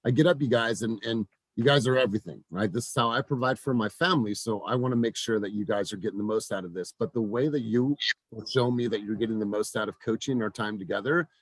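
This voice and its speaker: A man in his forties, a real estate team coach, giving an energetic motivational talk to his team, often repeating words and restarting sentences. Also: lowish voice, fast, dry recording. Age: 40s.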